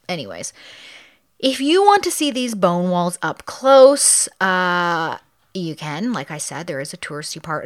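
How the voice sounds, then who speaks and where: A woman's voice: on the low side, fairly bright tone. A woman hosting a casual storytelling podcast, chatty and playful, laughing at her own jokes. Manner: many fillers and restarts. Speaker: podcast host.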